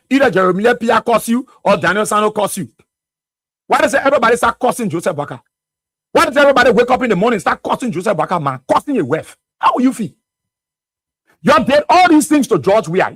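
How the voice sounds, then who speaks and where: A man's voice: extremely high pitch, sing-song, brisk, a bit bright, slightly rough, no echo. A Liberian man hosting a radio talk show, delivering fiery political commentary full of rhetorical questions. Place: radio studio.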